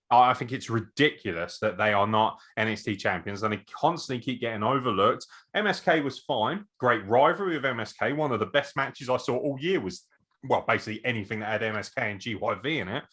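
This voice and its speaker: A man co-hosting a wrestling podcast, talking in a sweary, excitable way and laughing often. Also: medium pitch, slight background noise. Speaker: podcast co-host. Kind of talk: casual chat.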